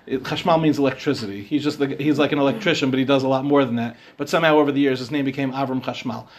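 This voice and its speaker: A man's voice: medium pitch, fairly even intonation, racing, slight background noise. A middle-aged man giving an informal Torah lecture as a rabbi, speaking conversationally and often asking his listeners questions. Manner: conversational, asks the audience questions.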